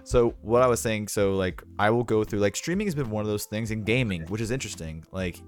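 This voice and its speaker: A man's voice: lowish voice, expressive, a little fast, faint music behind. A man hosting a casual chat from home, easygoing and meandering. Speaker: streamer host.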